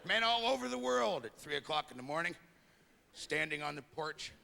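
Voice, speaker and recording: Middle-aged stand-up comic with a raised, gravelly voice; animated and acts out lines; live club sound. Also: male voice, fairly high pitch. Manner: animated, acts out quick dialogues. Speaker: stand-up comedian. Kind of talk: stand-up comedy. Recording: live comedy club, loud crowd noise.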